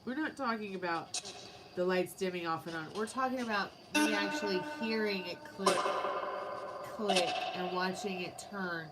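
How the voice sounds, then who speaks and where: A woman's voice: lowish voice, steady tone, moderate pace, loud music behind the voice, poor audio. A woman hosting a live tarot and spirit box stream, chatting casually with viewers and spirits. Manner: chatty, talks to chat and spirits. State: sleepy, yawning. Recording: clear background noise.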